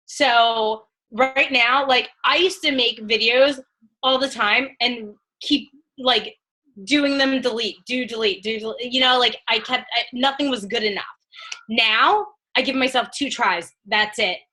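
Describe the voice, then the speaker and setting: A bright, slightly high woman's voice talks quickly and casually over a group video call. She gives advice full of "like" and "you know.". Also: poor audio. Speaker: guest coach on team call.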